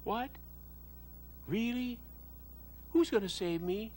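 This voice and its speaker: A reader voicing a young male pig who is timid and easily frightened, talking in a high, pleading voice. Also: animated, slow pace, a little mellow, a little hiss or hum. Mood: panicked, pleading. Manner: pleading, anxious, high-pitched. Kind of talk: storybook read-aloud.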